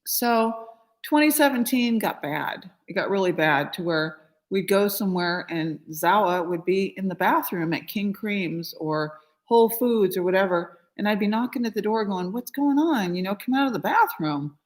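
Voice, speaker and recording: A middle-aged woman healer recounts a personal story with raw emotion. Her voice sits at a mid pitch, and she talks loosely with many fillers. When she quotes others she jumps up in pitch and volume, acting the voices out. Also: expressive, moderate pace. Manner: conversational, frequent 'you know' fillers. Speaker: spiritual healer.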